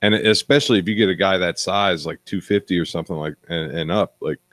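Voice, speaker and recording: A man's voice: low voice, fast talker, fairly bright tone, no room sound, clean studio sound. A man co-hosting a casual podcast, chiming in with wry, offhand remarks. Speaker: podcast co-host. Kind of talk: casual chat over drinks.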